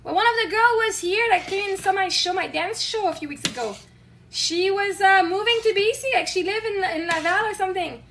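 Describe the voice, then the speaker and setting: Very high-pitched, bright woman. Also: brisk. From Quebec, Canada. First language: French. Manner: chatty, rambling, bursts of excitement. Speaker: show host. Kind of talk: casual live-stream chat, answering viewer comments. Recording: distant mic, faint background noise.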